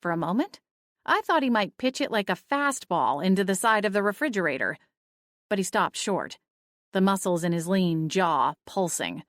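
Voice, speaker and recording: A woman reading first-person audiobook narration in a steady storytelling manner. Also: mid-range voice, moderate pace, no echo, clean studio sound.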